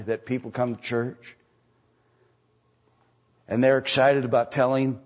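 A man's voice: mid-range voice, level tone, a little slow, pauses often. A man preaching as a pastor, repeating lines and asking the congregation rhetorical questions, on a dull lo-fi recording. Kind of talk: sermon.

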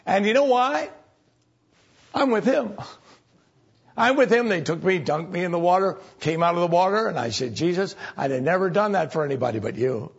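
A man preaching a sermon in a gravelly, husky voice that sits a little high. His delivery is folksy and conversational and often leaps up for emphasis. The recording sounds muffled and lo-fi, like an old church tape. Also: expressive, moderate pace.

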